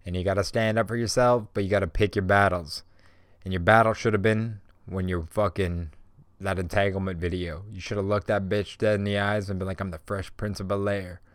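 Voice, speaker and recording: A man's voice: lowish voice, no room sound, clean studio sound. A young man hosting a podcast, ranting casually and heatedly, swearing constantly and filling his talk with "bro" and "like.". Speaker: podcast host. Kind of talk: casual profane rant.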